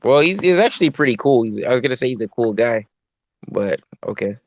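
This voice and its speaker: A man calls into a livestream and jokes in a loose, laid-back way, repeating his lines. His voice is mid-pitched for a man and sounds close and dry. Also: animated, a little fast, no echo. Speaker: caller. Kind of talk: casual call-in banter.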